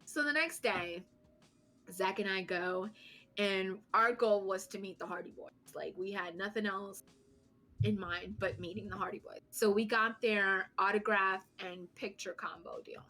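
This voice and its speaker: A woman's voice: mid-range voice, a little slow, sharp tone, soft background music. A woman in her thirties co-hosting a podcast, telling a story in casual chat, acting out quotes and laughing as she goes. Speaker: podcast co-host.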